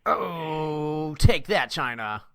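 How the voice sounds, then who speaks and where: A man's voice: fairly high pitch, animated, drawn-out words, vocal fry, no room sound. A male podcast host in casual chat, crude and mocking in his talk.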